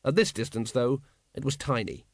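A man narrating an audiobook with lively, expressive storytelling. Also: medium pitch, normal speed, no room sound, studio quality.

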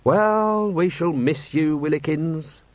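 Male reader as a tired, deadpan city-watch chief, dry close sound. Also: on the high side, takes it slowly, dry recording, voice pushed up. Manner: dry, glum. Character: weary, dry-witted male watch commander. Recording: dull, slightly lo-fi.

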